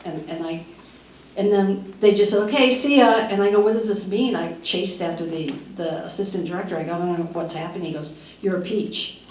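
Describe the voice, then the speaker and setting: Animated woman acting out her anecdote. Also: lowish voice, fairly quick. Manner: animated, acts out quoted voices, laughs often. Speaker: actress and panel guest. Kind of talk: lively anecdote at a museum panel. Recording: distant roomy hall with faint noise.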